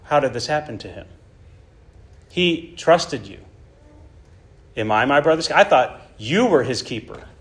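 A man's voice: medium pitch, animated, measured pace, long pauses, lightly acted. A man voicing a seething, accusing brother. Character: bitter grieving man mocking God.

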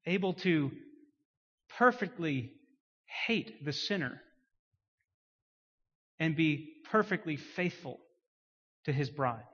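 Male preacher, dynamic delivery from hushed to loud, somewhat high voice, muffled recording. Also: animated, slow, long pauses. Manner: dynamic, swings between quiet emphasis and loud rising declarations. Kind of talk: sermon. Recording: muffled sound with long hall reverb.

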